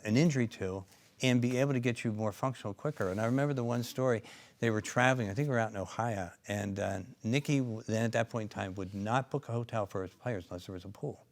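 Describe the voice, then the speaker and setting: A man co-founder and clinician telling stories in an interview, rambling with many asides and restarts. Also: lowish voice. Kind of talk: interview storytelling.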